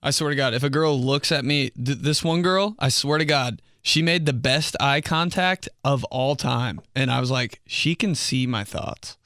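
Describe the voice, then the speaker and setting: A man's voice: medium pitch, moderate pace, few pauses, a bit bright, dry recording, studio quality. A young man telling casual comic stories about himself, rambling, full of fillers and laughing at his own jokes. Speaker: comedian. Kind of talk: casual comedic storytelling monologue.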